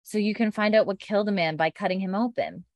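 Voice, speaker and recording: A woman voicing a calm, determined woman physician who explains patiently and persuasively. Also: medium pitch, fast, dry recording, highs cut off, lightly acted. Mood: reassuring.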